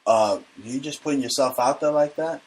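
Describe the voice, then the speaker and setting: A man's voice: medium pitch, normal speed. A man hosting a casual comedic talk show, brash and profane, joking as he rants. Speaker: podcast host.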